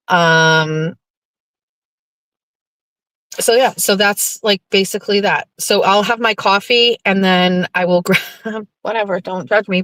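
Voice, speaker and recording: A talkative woman, rambling freely and swearing often as she hosts her own show. Her voice sits on the lower side and the sound is dry and close, with no room around it. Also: fairly bright tone, no room sound. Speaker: host. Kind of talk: casual chat reading viewer comments.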